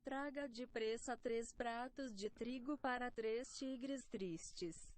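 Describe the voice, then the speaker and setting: A synthetic female voice with a Brazilian Portuguese accent, reading phrases out flatly and carefully. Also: a little high, takes it slowly. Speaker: translator app voice. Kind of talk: synthetic read-out.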